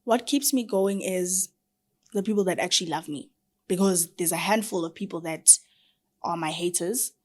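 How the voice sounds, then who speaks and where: A young woman with a South African accent, chatting as a podcast guest in an animated way and mixing in Zulu phrases. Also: fairly low pitch, normal speed. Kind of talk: casual chat.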